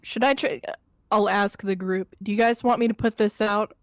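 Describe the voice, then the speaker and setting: A woman chats as a player in a tabletop game, playful and joking with the group. Her voice has a mid pitch and sits dry and close. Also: steady tone, moderate pace, no room sound. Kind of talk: casual tabletop game play.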